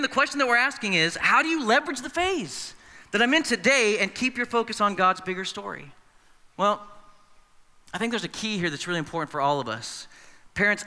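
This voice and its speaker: A man's voice: high voice, bright, forceful tone. A man preaching a sermon as pastor in a church, conversational and acting out the voices he quotes. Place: church sanctuary. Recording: long reverb of a large hall.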